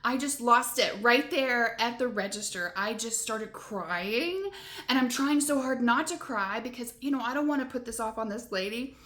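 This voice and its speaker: A woman's voice: on the high side, moderate pace, a bit bright. A woman van-life vlogger casually telling a long story to camera, rambling with lots of "like" and "you know" and laughing between her frustrations. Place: motel room. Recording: roomy echo.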